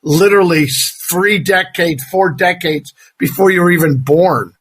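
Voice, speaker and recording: A man, a guest voice actor, in casual podcast chat, animated, jokey and self-mocking. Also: high voice, moderate pace, breathy edge.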